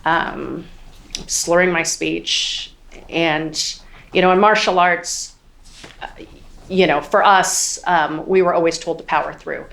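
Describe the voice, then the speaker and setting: A woman's voice: lowish voice, steady tone, slow pace, creaky, long pauses, a bit bright. A woman in her forties giving courtroom testimony as a witness, hesitant and full of ums, near tears at times. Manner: hesitant, many ums, quotes others. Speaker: trial witness.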